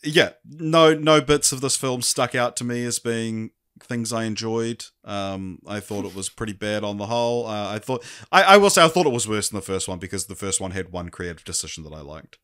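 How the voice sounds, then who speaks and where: Low-voiced hesitant male podcast host. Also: lively intonation, fairly quick, a bit bright, smooth. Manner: hesitant, many ums and restarts. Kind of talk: casual film review chat.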